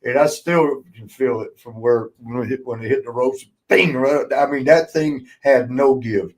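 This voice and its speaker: At a moderate pace and medium pitch, a male podcast host who used to wrestle recounts life on the road. It's loose, profane conversation, punctuated by frequent laughs and vivid impressions of what people said.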